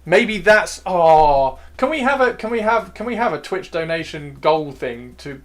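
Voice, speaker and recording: A man's voice: on the high side, a bit bright. A man hosting a casual livestream, chatting and joking in a rambling, playful way and repeating himself as he talks. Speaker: livestream host.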